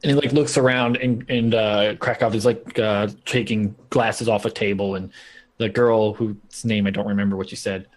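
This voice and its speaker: A man's voice: lowish voice, fairly even intonation, normal speed. A man narrating a tabletop game as game master, in loose, rambling sentences full of likes and ums.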